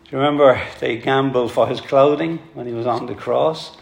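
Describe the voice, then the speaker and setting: A man's voice: medium pitch, moderate pace, vocal fry. A man preaching a sermon to his congregation, earnest and pleading, calling them folks. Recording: echoey hall.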